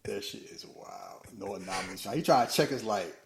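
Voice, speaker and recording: A man co-hosting a podcast, joking his way through a movie recap in casual banter and slipping into quick character bits. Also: on the low side, very animated, gravelly, over a noisy crowd. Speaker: podcast co-host.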